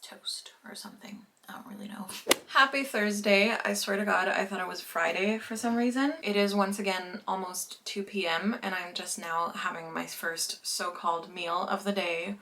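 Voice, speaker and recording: Bright-voiced young woman chatting casually. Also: medium pitch, normal speed, slight background noise. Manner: chatty and relaxed, with filler words and small laughs; talks with her mouth full while eating. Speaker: vlogger. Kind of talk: casual vlog chat. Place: family home in the countryside.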